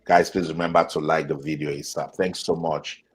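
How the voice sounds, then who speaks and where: A man's voice: very deep voice, little pitch movement, moderate pace, husky. A man with a Nigerian accent hosting a football channel, reading viewers' comments aloud and reacting in a chatty way. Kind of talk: live-stream commentary.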